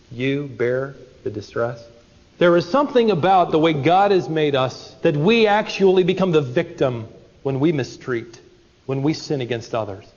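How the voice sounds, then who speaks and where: Brief: emphatic, high-voiced male pastor preaching, dull sound with long hall reverb. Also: darkish tone. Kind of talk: sermon.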